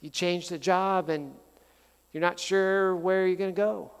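Animated pastor preaching in a reverberant hall. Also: male voice, high voice, measured pace, clear, resonant tone. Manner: conversational, animated storytelling with humor. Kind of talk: sermon.

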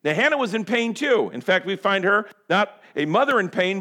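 A man delivering a sermon with a fairly high-pitched voice. He swings from forceful, raised lines down to hushed, near-whispered ones, and voices prayers as if speaking them himself. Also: expressive, normal speed. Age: adult parent. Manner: earnest, swings from loud to hushed, acts out prayers. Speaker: pastor.

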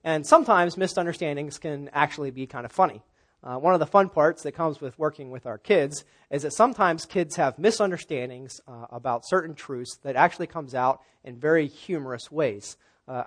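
A middle-aged man with a somewhat high-pitched voice delivers a Sunday sermon. He talks in a loose, conversational way, filling pauses with "uh" and restarting phrases as he teaches his congregation. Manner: conversational, with frequent "uh" fillers. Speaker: pastor.

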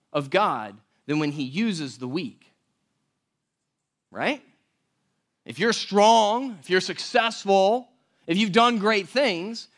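A man preaching a sermon as pastor, conversational and animated, often checking in with the audience. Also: sits high.

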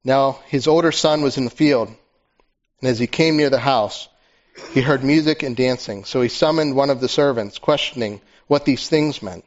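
A male pastor preaching a sermon in a conversational, animated storytelling manner. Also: mid-range voice, normal speed. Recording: dull lo-fi recording.

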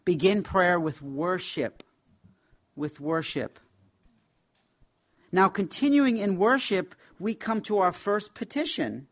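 A man teaching a Bible class, speaking in an emphatic, reverent way and slowing down to stress key words. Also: sits high, big pitch swings, lo-fi sound.

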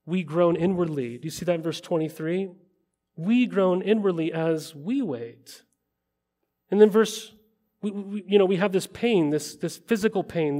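A man's voice: high voice, a little mellow. A middle-aged male pastor preaching a conversational sermon, often asking his listeners questions.

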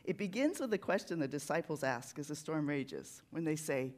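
A preacher giving a sermon in a church sanctuary, talking in a conversational, animated way that tells a story. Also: medium pitch, normal speed, hardly any pauses.

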